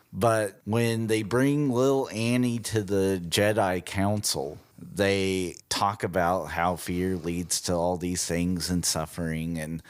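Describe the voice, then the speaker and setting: Male podcast co-host, low voice, unhurried, wry casual chat.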